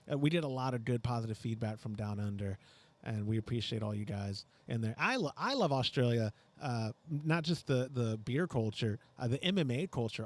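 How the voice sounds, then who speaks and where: A man's voice: medium pitch, a little mellow. A man hosting a homebrewing podcast in casual, joking, rambling chat. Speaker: podcast host. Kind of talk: casual live-stream chat.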